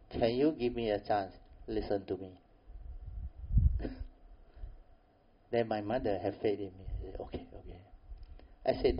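An older man telling a family story, animated and pressing harder when he makes a point. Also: lowish voice, slight background noise. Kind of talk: storytelling talk. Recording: dull lo-fi recording.

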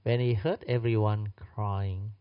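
A man's voice: on the low side, steady tone, slow pace, clear, resonant tone. A man teaching a Buddhist storytelling sermon in non-native English phrasing, acting out the dialogue and often adding tag questions. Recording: dull lo-fi recording.

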